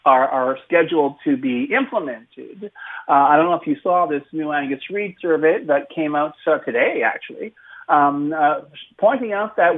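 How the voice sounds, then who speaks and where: A political commentator with a Canadian accent, talking in a sardonic radio commentary full of fillers and restarts. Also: male voice, on the high side. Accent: Canadian English. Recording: phone-like narrow radio line.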